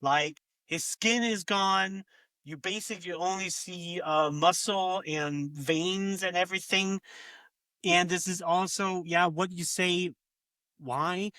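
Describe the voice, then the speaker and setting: High, bright male co-host, hesitant. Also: steady tone, takes it slowly, no echo. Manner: hesitant, repeats words, ends points with "no?". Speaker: podcast co-host. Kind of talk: casual chat recapping a film.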